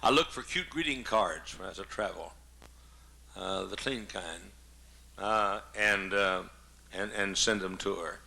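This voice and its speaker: A man's voice: sits low, takes it slowly, creaky, bright, forceful tone. A man in his seventies, a pastor preaching a humorous sermon in a folksy, joking way, coughing often. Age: 70s.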